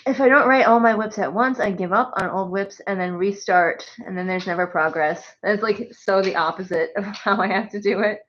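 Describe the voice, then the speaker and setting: A chatty woman streamer rambles casually from home and laughs a lot. Her voice sits at an everyday middle pitch. The audio is a bit muffled and lo-fi. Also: a little fast, few pauses, a bit bright, a little hiss or hum. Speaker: streamer and writer. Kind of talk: casual chat on a birthday live stream. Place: home with pets.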